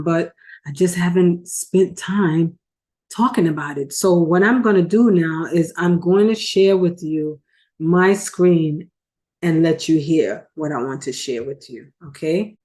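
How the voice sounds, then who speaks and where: A woman's voice: lowish voice, a little slow, darkish tone. A woman talking earnestly and emotionally in a casual vlog recorded in her car. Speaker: video host.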